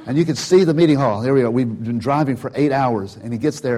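A man's voice: mid-range voice, quick pace, few pauses, warm tone. Older guy preaching casual, lots of you know and restarts, acts out the quotes, normal middle voice. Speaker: church speaker telling a testimony. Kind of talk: informal sermon storytelling.

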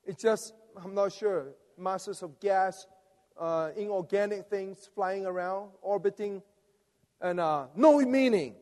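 A man's voice: high-pitched, steady tone, takes it slowly, a little mellow. A man preaching a sermon, rousing, coaxing the audience to respond. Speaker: preacher leading a conference message. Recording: long reverb of a large hall.

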